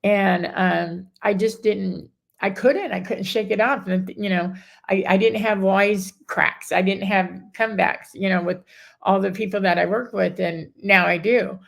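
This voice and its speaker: Middle-aged woman, gravelly creak, chatty guest who restarts her sentences a lot. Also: medium pitch, fairly even intonation, measured pace. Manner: rambling, self-interrupting, acts out others' words. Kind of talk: emotional personal story in a casual chat.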